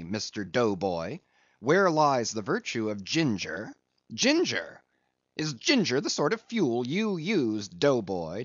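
This is a brash old-ship sailor mate, as a man puts him on for an audiobook, loud and mocking, his voice leaping wildly high. The sound is dry and a little muffled. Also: dry recording. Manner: loud, mocking, fast-rising outbursts. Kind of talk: audiobook reading.

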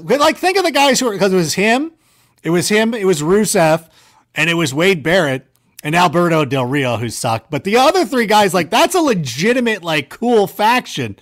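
Animated rambling man telling stories. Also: high-pitched. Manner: animated, rambling, self-mocking. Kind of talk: casual storytelling chat.

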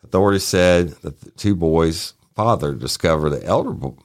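A man's voice: deep voice, animated, normal speed. A middle-aged man co-hosting a crime news podcast, reading headlines aloud in a casual way and breaking off with asides. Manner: reads news aloud, trails off, says y'all. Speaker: podcast co-host.

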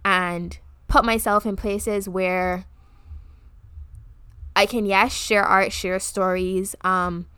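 A young adult woman from the Caribbean co-hosting a podcast, talking in a reflective, earnest way that often pauses mid-thought. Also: medium pitch, fairly even intonation, pushed and bright, smooth, no room sound. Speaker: podcast co-host. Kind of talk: casual chat.

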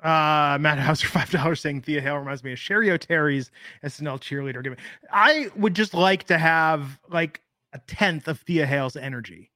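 A man's voice: a little high, moderate pace, pushed and bright, no room sound, studio quality. A man in his thirties co-hosting a casual podcast, rambling and thinking aloud with fillers. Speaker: podcast co-host. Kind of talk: casual wrestling podcast chat.

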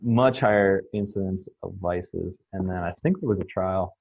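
Man, very low voice, casual rambling storyteller, dull lo-fi podcast sound. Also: normal speed, creaky, no room sound. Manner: rambling, anecdotal, many fillers and restarts. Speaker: swine nutrition guest.

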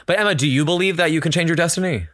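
A man's voice: on the high side, rapid-fire, fairly bright tone, dry recording, clean studio sound. A man hosting a podcast in casual chat, talking candidly and emotionally, holding back tears. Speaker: podcast host. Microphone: studio microphone.

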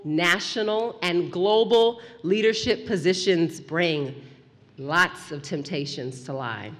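A woman telling a story to an audience in an animated, playful way, dropping to a hush for suspense. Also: medium pitch, big-room sound. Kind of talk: lively storytelling talk.

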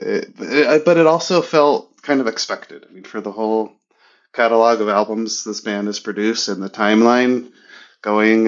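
A man's voice: mid-range voice, highs cut off. A man from the United States on a casual podcast, thinking aloud in a hesitant way. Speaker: podcast co-host.

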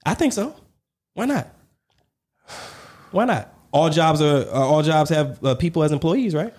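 A man's voice: on the high side, very animated, a little slow, a little mellow, slightly rough. A man co-hosting a casual podcast discussion, talking emphatically and repeating his points to drive them home. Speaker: podcast co-host.

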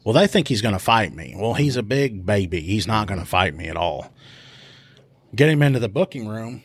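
A man, a police officer and podcast host, telling a casual story about an arrest, animated and swearing freely as he acts out voices. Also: lowish voice, normal speed, husky, no echo.

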